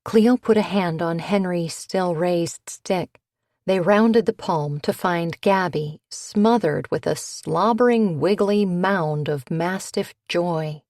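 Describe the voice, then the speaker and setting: A woman reading a cozy mystery audiobook, with even, unhurried narration that lifts into character voices for the dialogue. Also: on the low side, no echo. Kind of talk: scripted narration.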